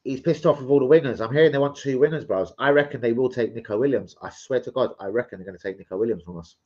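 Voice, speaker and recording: A football fan channel host chats with viewers on a casual livestream, reading transfer gossip while rambling and swearing. His mid-range voice moves fast and sounds a little mellow, and the recording is muffled.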